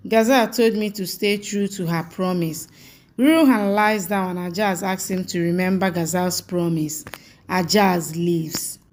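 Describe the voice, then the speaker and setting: Woman reading a serial plot recap. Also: mid-range voice. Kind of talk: scripted plot recap narration.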